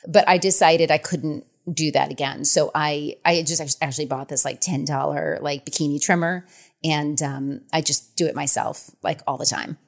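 Frank, laughing woman with a low voice. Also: normal speed. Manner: frank, animated, laughs often. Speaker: author and guest. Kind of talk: candid podcast conversation.

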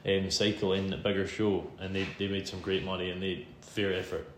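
A man's voice: low voice, flat delivery, moderate pace, fairly bright tone. A man with a Scottish accent, a podcast host now the guest, telling a long story in a chatty, self-deprecating way with frequent laughs. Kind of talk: casual storytelling in a podcast interview. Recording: roomy room sound with faint background hum.

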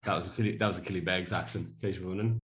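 A man's voice: low-pitched, fairly even intonation, rapid-fire. An Irish man in his thirties co-hosting a podcast, chatting casually and telling rambling stories with frequent laughter. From Ireland. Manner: rambling storyteller, laughs often. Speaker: podcast co-host. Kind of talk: casual chat.

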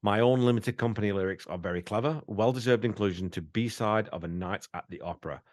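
A man's voice: on the low side, fairly quick, a little mellow, dry recording, studio quality. A British man co-hosting a podcast, drunk, rambling and swearing as he reads out listener comments. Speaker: podcast co-host. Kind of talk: casual chat.

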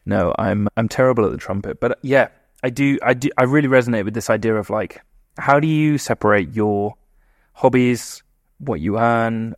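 A man hosting a podcast in a relaxed, chatty, self-deprecating way, asking questions and wrapping up the episode. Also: medium pitch, moderate pace, dry recording, clean studio sound. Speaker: podcast host. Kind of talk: casual podcast chat and outro.

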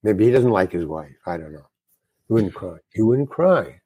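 An older man, a guest actor, telling an animated story and swearing freely as he acts out the other people in it. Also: fairly low pitch, moderate pace, slightly rough, no room sound. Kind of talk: anecdotal storytelling.

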